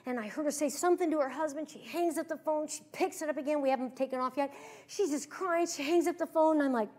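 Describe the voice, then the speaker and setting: A woman giving a sermon as a guest preacher, telling stories with animated emphasis that swings from hushed to loud. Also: high voice, fast talker. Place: church service.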